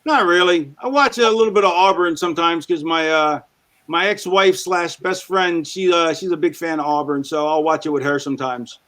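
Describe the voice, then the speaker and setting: High, bright-voiced male podcast guest. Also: moderate pace. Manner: rambling, trips over his words. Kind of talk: casual chat.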